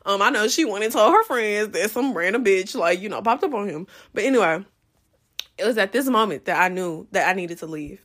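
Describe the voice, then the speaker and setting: A young woman hosting a podcast, telling a personal story in a casual, profane, animated way and jumping into loud re-enacted quotes. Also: medium pitch, fairly quick. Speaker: podcast host.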